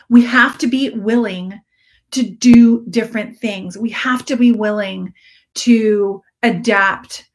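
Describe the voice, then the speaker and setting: A woman speaking in a slightly high voice, coaching her followers on a casual live stream. She talks earnestly and encouragingly, circling back to repeat her key points. Her delivery is warm in intent but plain and conversational. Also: slow pace. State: briefly teary-eyed. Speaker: direct sales coach. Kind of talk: Facebook live coaching talk.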